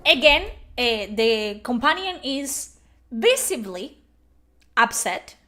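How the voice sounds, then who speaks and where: A woman's voice: fairly high pitch, very animated, takes it slowly, bright, forceful tone. A woman streamer reacting to a game live, blunt, sarcastic and exasperated.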